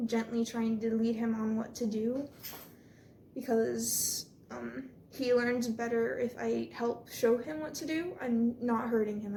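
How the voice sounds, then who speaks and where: A chatty young woman with a slightly high voice explains her dog training in a relaxed, reassuring way. She speaks from an echoey room at home with a faint hiss behind her. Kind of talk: casual vlog narration.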